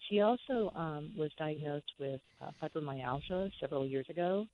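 A woman's voice: low-pitched, lively intonation, moderate pace. A woman calling into a show, earnestly describing a friend's symptoms in detail with restarts. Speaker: caller. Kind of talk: phone-in question. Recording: dull phone line with faint hiss.

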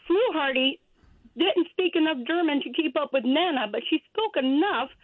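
A call-in radio chat features a woman in her fifties with a high voice, rambling, chatty and laughing as she speaks. She comes through a tinny phone line with no room sound.

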